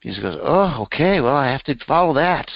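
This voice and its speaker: A man's voice: brisk, creaky, dry recording. Man, sermon storyteller, acts out characters, dry close sound, muffled lo-fi. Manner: animated storyteller, voicing characters with raised pitch. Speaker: spiritual teacher.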